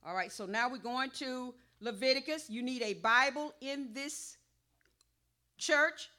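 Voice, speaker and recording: A woman pastor preaching a sermon, calling for responses and rising to a shout. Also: sits high, measured pace.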